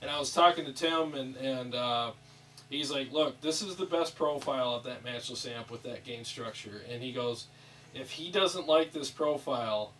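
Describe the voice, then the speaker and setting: A man hosting a casual chat about guitar amp settings in a small studio room, upbeat and quick to laugh. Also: mid-range voice, fairly bright tone, recorded from a distance, slight background noise, poor audio. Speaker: host.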